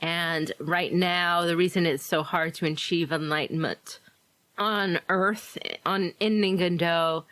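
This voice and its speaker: A woman co-hosting a podcast, chatty and quick to laugh as she retells scenes. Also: fairly low pitch, fairly even intonation, fairly bright tone, no room sound. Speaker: podcast co-host. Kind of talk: casual chat about game fiction.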